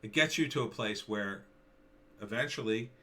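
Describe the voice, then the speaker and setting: Middle-aged guy ranting sarcastically, low-ish voice with a forceful edge, lots of ums. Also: normal speed. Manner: rambling and sarcastic, with frequent fillers and restarts. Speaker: commentary vlogger. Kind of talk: opinionated casual commentary.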